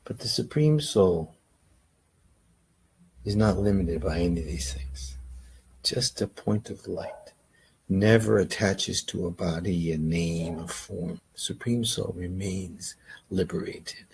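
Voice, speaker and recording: A man's voice: low-pitched, slow, vocal fry, a little mellow, slight background noise, low-quality recording. A man giving a casual, rambling meditation lesson, earnest and often checking in with "right?". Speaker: meditation teacher.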